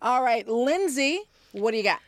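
A woman's voice: a little high, lively intonation, normal speed, no room sound. A woman hosting a podcast, casual and joking with upbeat asides. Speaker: podcast host.

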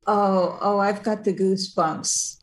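Casting: older woman, talk-show guest, chatty storyteller, mid-pitch voice. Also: takes it slowly. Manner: animated storyteller, laughs mid-sentence. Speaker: guest author. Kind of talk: casual interview conversation.

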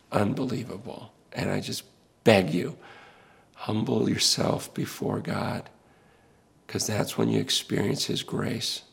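A man's voice: lowish voice, gravelly, slightly rough. A middle-aged male pastor speaking in an earnest, preaching style, impassioned and pleading, repeating words as he builds.

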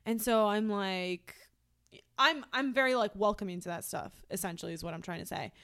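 Young woman, podcast co-host, casual storytelling, clear smooth voice, rambling with fillers. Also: medium pitch, a little fast, a bit bright. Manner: rambling, heavy use of "like", restarts.

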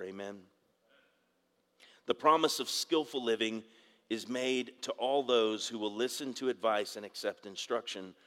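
A man's voice: on the low side, a bit bright. Man preaching in a reverberant hall. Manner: conversational preaching with asides and audience call-outs. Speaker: pastor. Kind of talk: sermon.

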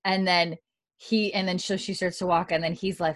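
A young woman casually recapping a TV episode, slipping into quick character voices, with plenty of fillers and the odd swear. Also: fairly low pitch, steady tone, no echo. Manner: retells scenes in quick, mocking character voices; casual and profane, with many fillers. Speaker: podcast host recapping a TV episode. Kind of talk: casual chat.

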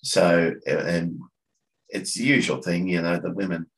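A deep, gravelly Australian man chats casually as a podcast guest, the organiser of a coffee catch-up. His intonation is fairly even, and his speech halts with many restarts and fillers, on a low-quality recording.

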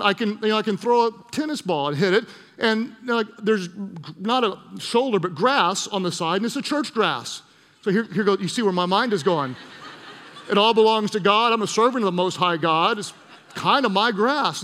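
A man's voice: sits high, in a large hall. A man preaching a sermon as pastor, telling stories and acting out the voices of the people in them. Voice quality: animated storytelling with acted-out voices.

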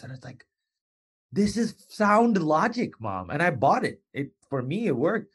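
Guy hosting a motivational podcast, lively and playful, jumps into little character voices. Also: unhurried. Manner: animated, playful, with wrestling and pop-culture asides; acts out quoted voices with sudden pitch jumps. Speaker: podcast host.

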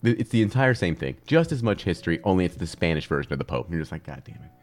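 A man co-hosting a casual comedy history chat, animated and jokey, often slipping into silly voices. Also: sits low, rapid-fire. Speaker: podcast co-host.

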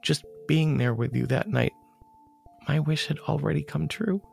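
A man narrating his own story in a halting, emotional way, stammering and repeating words. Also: fairly high pitch, expressive, gravelly, darkish tone, soft background music. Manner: emotional and urgent. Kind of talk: scripted memoir narration.

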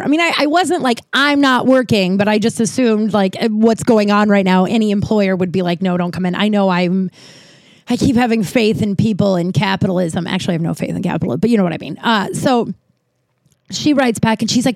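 A woman's voice: mid-range voice, expressive, fairly quick, a little mellow, no room sound. A woman in her thirties telling a rambling personal story to her viewers, full of "like"s and casual swearing. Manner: rambling, swears freely, many "like"s. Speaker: vlogger.

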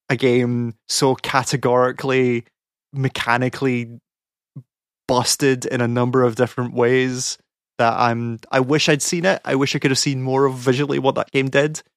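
A man's voice: medium pitch, clear, resonant tone, dry recording, clean studio sound. Exasperated man ranting. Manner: rambling, exasperated ranting with many fillers. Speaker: podcast co-host, game academic. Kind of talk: casual podcast chat.

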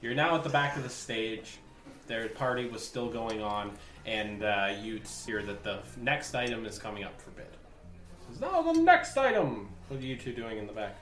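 A man's voice: on the low side, fairly even intonation, normal speed, pushed and bright. A man narrating a tabletop game as game master, casual and laughing easily. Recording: roomy room, faint music.

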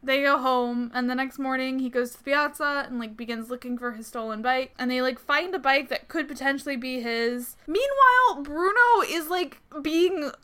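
A young woman casually recapping a film's plot in a chat, filling it with "like" and quick acted-out lines from the characters. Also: high-pitched, sharp tone, clean tone.

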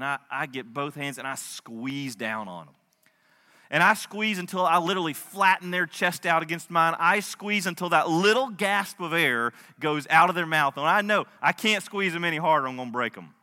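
A pastor in his thirties preaches to his congregation, swinging from hushed storytelling to impassioned appeals. His voice sits high and sounds bright and forceful. It rings out with the long reverb of a large hall. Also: lively intonation, moderate pace. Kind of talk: sermon.

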